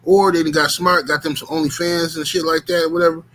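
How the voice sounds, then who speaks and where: Male streamer, animated profane storyteller, bright edgy tone. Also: fairly high pitch, a little fast, low-quality recording. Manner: profane, animated, rambling with lots of filler. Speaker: streamer telling stories to chat. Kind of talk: casual storytelling.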